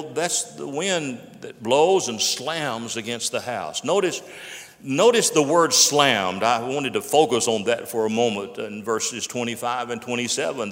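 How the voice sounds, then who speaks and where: Male pastor, sermon, emphatic and repetitive, middle pitch, long hall reverb. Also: a bit bright. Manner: preacherly, rising emphasis and slow repeated key phrases.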